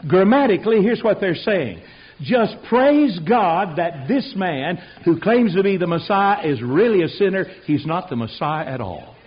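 An older man preaching a sermon, telling folksy stories that swing from quiet asides to loud outbursts. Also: high-pitched, sing-song, measured pace, husky. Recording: dull lo-fi radio recording.

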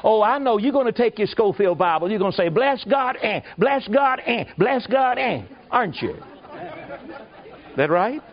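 A man preaching, telling a folksy, animated story with asides to his listeners. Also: fairly high pitch. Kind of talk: storytelling sermon. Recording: muffled lo-fi recording.

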